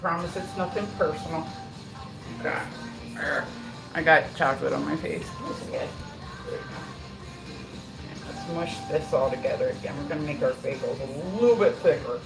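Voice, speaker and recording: A woman's voice: low-pitched, normal speed, creaky, long pauses. A middle-aged woman, chatting casually and swearing freely on a livestream while she bakes at home. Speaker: livestream host. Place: home kitchen. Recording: roomy echo, mic at a distance. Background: music playing.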